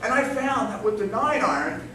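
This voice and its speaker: High, lively man telling a comic story. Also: normal speed, a crowd in the background. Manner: animated storytelling with comic timing. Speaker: contest speaker. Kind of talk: humorous competition speech. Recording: echoey hall from far off, with room noise. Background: audience laughter.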